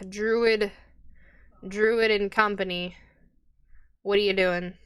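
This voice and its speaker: Bright-voiced woman game master. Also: medium pitch, steady tone, slow, smooth. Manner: loose, chatty narration. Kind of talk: narrating a tabletop game.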